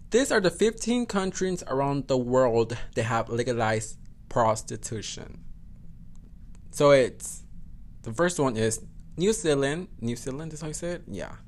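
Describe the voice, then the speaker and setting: A man's voice: mid-range voice, slight background noise. A man hosting a solo podcast, chatting casually, swearing often and correcting himself as he goes. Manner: profane, code-switches into Spanish, self-correcting. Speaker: podcast host.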